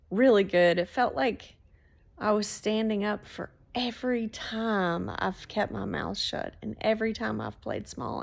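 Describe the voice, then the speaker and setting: A woman telling a story in a casual, animated way, swearing freely. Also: medium pitch, gravelly. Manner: animated, swearing, laughs between lines.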